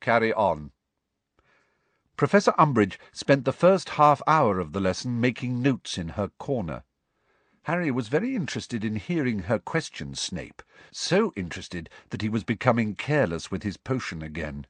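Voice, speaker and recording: A man narrating an audiobook in a measured, expressive storytelling manner. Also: mid-range voice, slightly rough, dry recording.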